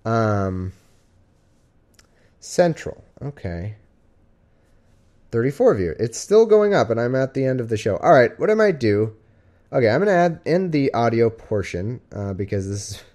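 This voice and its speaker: This man's voice sits fairly low, with a dark tone, lively delivery and a moderate pace. He's hosting a podcast livestream from home, his cat with him, chatting loosely and joking around with lots of fillers.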